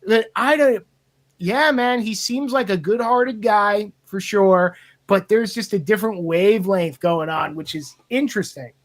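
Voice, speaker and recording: A man's voice: high voice, measured pace. A man telling rambling, profane stories in a casual podcast chat. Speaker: podcast co-host.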